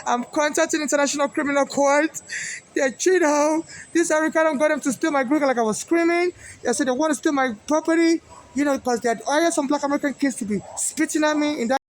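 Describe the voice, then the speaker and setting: A man from Nigeria with a Nigerian accent, rambling in an agitated monologue with many fillers and restarts. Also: very high-pitched. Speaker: activist vlogger. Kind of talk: monologue to camera.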